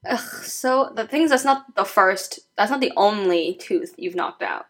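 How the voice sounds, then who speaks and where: Animated laughing young woman, lively pitch. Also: moderate pace. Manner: animated, laughs while telling stories. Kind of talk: casual chat.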